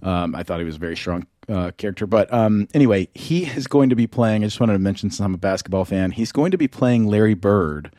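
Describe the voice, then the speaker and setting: A man co-hosting a podcast talks in a loose, rambling way, full of ums and restarts. His voice sits on the low side, recorded close and dry with no room sound. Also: quick pace, few pauses, warm tone, dry recording. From Southern United States. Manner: rambling, many fillers and restarts. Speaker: podcast co-host. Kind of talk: casual chat.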